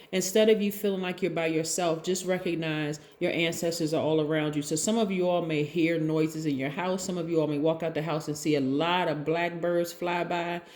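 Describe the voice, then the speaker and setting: A woman's voice: lowish voice, darkish tone. A woman giving a casual tarot reading, talking chattily and peppering her talk with rhetorical questions. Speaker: tarot reader. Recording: roomy echo.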